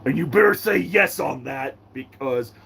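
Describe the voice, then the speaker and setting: Excitable ranting fan with a gravelly voice. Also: medium pitch, a little slow. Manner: excitable, ranting, bursts of shouting. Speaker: channel host answering fan questions. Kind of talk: live fan Q&A with character role-play.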